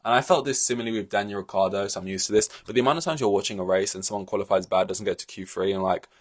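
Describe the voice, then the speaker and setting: A man's voice: lowish voice, steady tone, racing. A man hosting a solo podcast, ranting in an exasperated, rambling way with many fillers and restarts. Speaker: podcast host.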